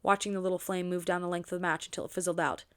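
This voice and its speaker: For her book channel, a woman reads a romance novel aloud in a low-ish, smooth voice. She reads expressively and drops in quick asides of her own.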